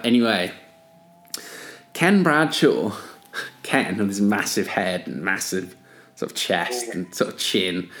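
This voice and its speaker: A man hosting a podcast, telling a story in a rambling, laughing way and swearing freely. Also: fairly low pitch. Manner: rambling, laughing, full of "like" and "kind of". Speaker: podcast host. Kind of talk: casual storytelling chat. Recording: roomy, echoey recording.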